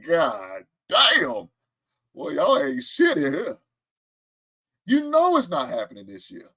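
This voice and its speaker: A man's voice: sits high, wildly swooping pitch, extremely slow, pauses often, bright, forceful tone, husky. A man hosting a casual live-stream sports talk show, boasting about his predictions and firing back at the chat with laughs and trash talk. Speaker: show host.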